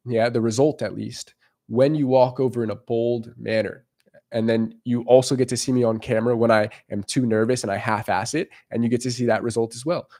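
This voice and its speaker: A man's voice: mid-range voice, darkish tone. A male dating coach talks straight to his viewers in a loose, emphatic monologue. He swears freely and acts out what onlookers might be thinking. He keeps checking in with his listeners by asking "right?".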